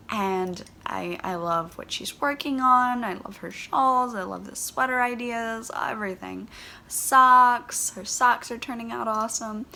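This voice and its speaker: A woman with a Philadelphia accent hosts her knitting vlog in a casual, rambling chat. Her voice is bright and crisp with a gravelly fry, and she gushes along, leaning on "um" between thoughts. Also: on the high side. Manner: gushing, rambling, with many "um"s. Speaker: knitting podcast host.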